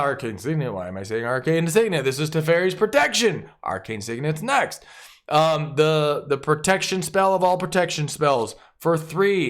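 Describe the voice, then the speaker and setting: An enthusiastic man hosting a deck review, talking fast and casually with jokes and sudden exclamations. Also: mid-range voice, fairly bright tone, clean tone. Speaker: channel host reviewing a card game deck.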